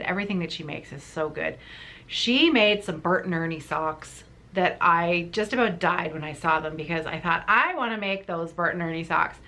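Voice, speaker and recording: A woman's voice: lowish voice, pushed and bright. A woman hosting a needlework vlog, telling stories in a rambling, chatty way with many restarts. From Canada. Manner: rambling storytelling with frequent restarts and laughs. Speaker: flosstube host.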